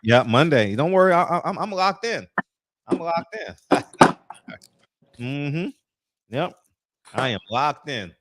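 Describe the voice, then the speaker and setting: A man hosting a loose barbershop conversation, his voice sitting a little high and swinging widely in pitch. He talks with animated energy, laughing and playing up mocking impressions. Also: slow, long pauses, heavy background noise. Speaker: show host. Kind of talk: casual barbershop chat.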